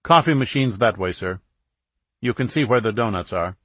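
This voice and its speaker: A guarded young man, sharp and curt with strangers, as a male narrator plays him. The voice sits higher and harder than the reader's own low tone, recorded close and dry. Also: expressive, normal speed, dry recording. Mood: hostile. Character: young male medical student, suspicious and defensive.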